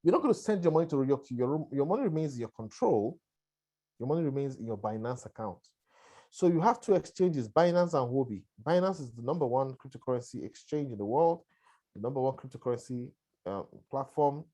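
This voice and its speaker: A man talks through a webinar in a loose, repetitive style. He often checks in with his listeners and has a lingering cough. His voice sits at an ordinary middle pitch. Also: lively intonation, fairly quick, warm tone. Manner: conversational, repetitive, checks in with "all right" and "right". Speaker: presenter on a conference call. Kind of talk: webinar presentation.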